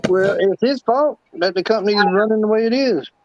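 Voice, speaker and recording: Man from north carolina, joking host, high voice, clowning, dry muffled call audio. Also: brisk, background noise. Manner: clowning, slips into impressions. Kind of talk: joking live chat.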